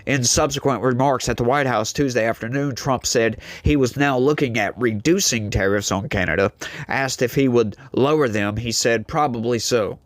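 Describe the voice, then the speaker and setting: A man's voice: mid-range voice, normal speed, dry recording, clean studio sound. A man, hosting solo political commentary, reading news aloud and reacting with exasperated, incredulous outbursts. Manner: exasperated, incredulous, repeats his points.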